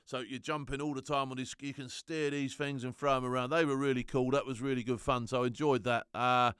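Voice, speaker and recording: A middle-aged man telling animated, slangy stories as a former soldier and laughing often. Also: medium pitch, a little fast, clear, resonant tone, no echo, studio quality. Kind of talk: casual anecdote.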